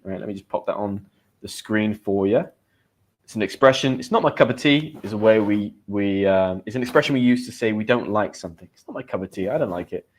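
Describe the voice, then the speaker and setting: A man with a British accent teaching English in a live stream. He chats casually with viewers, greeting them and reading their comments aloud. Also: on the low side. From Great Britain.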